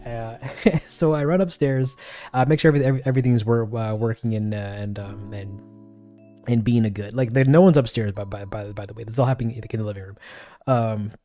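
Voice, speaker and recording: A man's voice: fairly low pitch, brisk, warm tone, soft background music. A man on his own livestream, telling a rambling story in a casual way, full of restarts and acted-out quotes.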